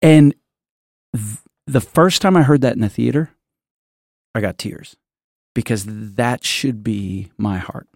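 Gravelly-voiced man telling a story. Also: medium pitch, slow, long pauses, darkish tone, dry recording, clean studio sound. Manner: rambling, storytelling with many restarts. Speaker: podcast host. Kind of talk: casual church podcast chat.

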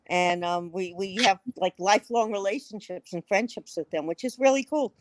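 A woman's voice: mid-range voice, normal speed, dry recording. Woman from a pr agency, stops and restarts a lot, dry close sound. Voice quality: hesitant, repeats words. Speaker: PR agency co-owner, writer. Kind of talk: livestream interview chat.

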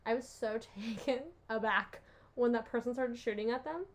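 A woman's voice: a little high, fairly even intonation, normal speed. A young woman chatting casually on a podcast, giggly and gushing, full of "like". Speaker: podcast co-host. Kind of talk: casual chat.

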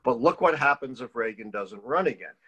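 Older male interview guest, lively storyteller, mid-pitched, swings his pitch widely to act out quotes. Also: a little fast, slightly rough, muffled recording. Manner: animated storyteller who acts out quoted voices. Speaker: guest, political historian.

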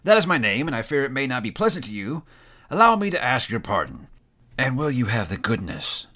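A man's voice: mid-range voice, big pitch swings, a little fast, sharp tone. Scrooge, a man doing a jubilant reformed old miser. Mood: warm. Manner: jolly, effusive, growls in mock sternness. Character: old male miser, newly joyful and generous.

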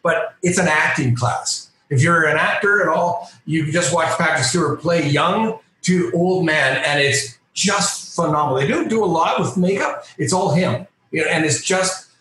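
Animated storyteller man in an echoey room. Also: fairly high pitch, normal speed, hardly any pauses. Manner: lively, self-mocking storyteller. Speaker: guest, comic book and storyboard artist.

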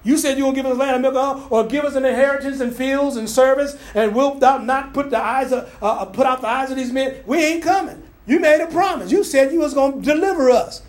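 A man's voice: extremely high pitch, fast, few pauses. An older man voicing a grumbling, whining crowd of desert wanderers as he retells a Bible story. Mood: indignant. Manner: complaining, plaintive, repeating itself.

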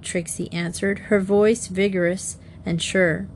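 Slow, measured woman storyteller. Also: medium pitch, fairly even intonation, a little hiss or hum. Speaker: audiobook reader. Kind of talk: storybook narration.

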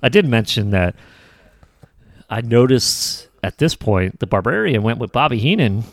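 A man's voice: mid-range voice, very animated, moderate pace, no room sound. A man co-hosting a podcast in a laid-back way, with short agreeing replies. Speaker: podcast co-host. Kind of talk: casual chat.

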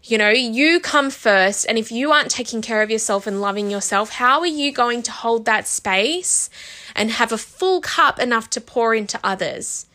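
Casting: woman, bright clear voice, candid self-help host, emotional, fighting tears. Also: fairly high pitch. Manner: emotional, heartfelt, full of "like" and "you know". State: close to tears. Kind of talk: candid personal monologue.

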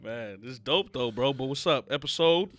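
Bright-voiced animated male podcast storyteller. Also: normal speed, no echo. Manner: animated storyteller, jumps into high mock voices. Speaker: podcast co-host. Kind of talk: casual podcast banter. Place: indoor home studio.

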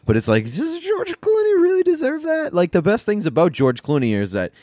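A man's voice: high-pitched, huge pitch swings, brisk, dark tone, no room sound, studio quality. A man co-hosting a podcast, joking wryly and swearing in casual banter. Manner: wry, joking, profane. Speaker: podcast co-host.

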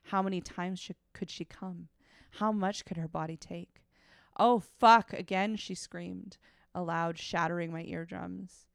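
A woman's voice: on the low side, little pitch movement, measured pace, creaky, dry recording, studio quality. A woman podcast co-host reading fiction aloud and breaking off now and then for frank, wry asides.

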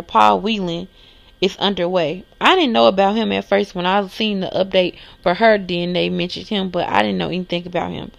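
A woman's voice: mid-range voice, vocal fry, highs cut off. A woman hosting a solo news podcast, reading articles aloud and reacting casually. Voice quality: lisp. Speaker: podcast host.

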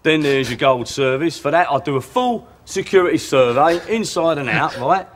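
Bloke doing a cockney geezer burglar, cheeky salesy patter, bit higher voice, faint hiss behind. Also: male voice, normal speed, lightly acted. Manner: patter-filled sales pitch, tags lines with "right?". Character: cheeky male Cockney burglar, chatty and dodgy. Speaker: sketch character.

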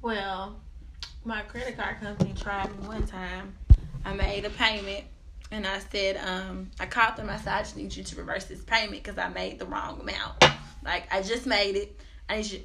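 A woman's voice: medium pitch, level tone, moderate pace, heavy background noise. A woman in casual talk, retelling an indignant story with quoted back-and-forth. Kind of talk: casual anecdote.

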